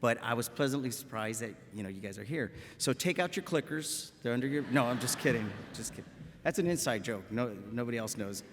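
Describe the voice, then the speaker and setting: At a graduation ceremony in a big, echoey auditorium, a Rio Grande Valley medical school professor in his fifties addresses graduates in a folksy, humorous style, often asking "okay?" He speaks with a South Texas accent in a medium-pitched voice, animated and brisk, with slight background noise.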